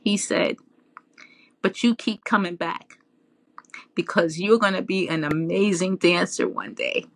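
A woman guest in a casual interview, telling her story in an animated way with lots of laughs and fillers. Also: on the low side, a little slow, long pauses, no room sound. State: tearful, near crying.

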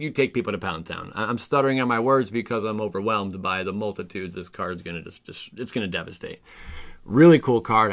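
A man hosting a card game channel, excitedly reviewing new card spoilers in a casual way, reading card text aloud and tripping over his words. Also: fairly low pitch, creaky.

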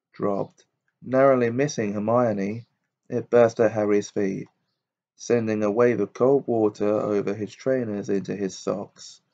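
A man reading a fantasy novel aloud as an audiobook narrator, in a steady, measured way. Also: fairly low pitch, vocal fry. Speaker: audiobook reader. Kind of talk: storybook narration. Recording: dull lo-fi audiobook recording.

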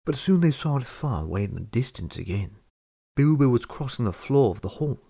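Gravelly man reading a storybook. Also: mid-range voice, big pitch swings, brisk, dark tone. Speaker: audiobook reader. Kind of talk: storybook narration.

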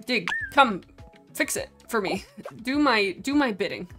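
A young woman streaming a game, chatting casually and excitably, gasping, giggling and speaking for her virtual pets. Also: on the high side, unhurried, over music. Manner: excitable, giggly, gasping, voices the pets' thoughts. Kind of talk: casual gameplay commentary.

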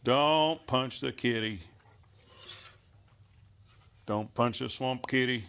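A man talking to his animals outdoors, coaxing and teasing them, sometimes cussing and calling out in a high voice. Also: takes it slowly, fairly bright tone, a little hiss or hum. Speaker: animal keeper filming his pets. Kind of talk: casual running commentary to animals. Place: outdoors, rural.

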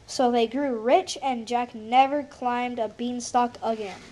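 Slow-reading woman with a storybook. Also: on the high side, fairly even intonation, dark tone, slight background noise. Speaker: story reader. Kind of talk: reading a picture book aloud.

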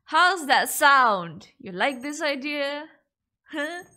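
A woman's voice: high-pitched, sing-song, takes it slowly, bright, forceful tone. A young woman vlogging casually, playfully pleading with her cat and mimicking its meows. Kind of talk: casual vlog talking to her pet cat.

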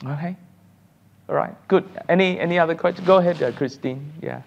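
A man teaching a church Sunday school class, animated and laughing often as he takes questions. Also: on the high side, fairly quick, creaky, lo-fi sound, a little hiss or hum.

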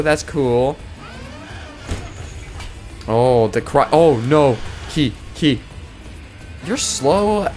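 Sarcastic man doing game commentary. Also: mid-range voice. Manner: sarcastic, jokey, scolds the game character; swears and exclaims in bursts. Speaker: gaming video creator. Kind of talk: let's play commentary.

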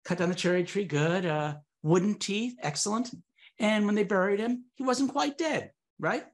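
A man's voice: sits high, moderate pace. A man performing comic magic patter for a live audience, swinging from very serious to absurd, with teasing asides.

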